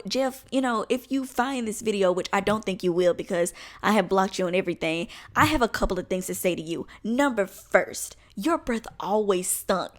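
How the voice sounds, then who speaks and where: A woman in her twenties telling a storytime on her vlog, animated and comic, with plenty of profanity. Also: medium pitch. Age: 20s. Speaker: vlogger.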